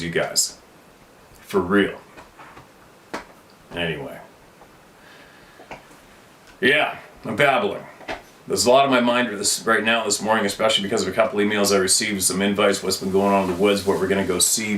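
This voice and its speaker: Deep-voiced man rambling passionately to camera. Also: fairly bright tone, echoey room, recorded from a distance, slight background noise. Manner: rambling, impassioned, emphatic repetition; blunt, swears freely. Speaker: channel host. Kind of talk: unscripted talk to camera.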